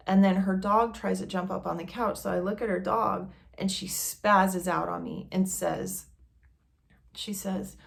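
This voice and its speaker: A woman's voice: mid-range voice, steady tone, measured pace, vocal fry. A woman vlogger telling a personal story in a candid, conversational way.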